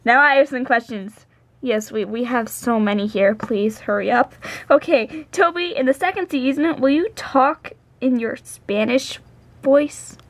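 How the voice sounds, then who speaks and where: A woman's voice: a little high, a little slow, no echo. A woman hosting a casual question session, playfully reading questions aloud. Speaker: host asking questions.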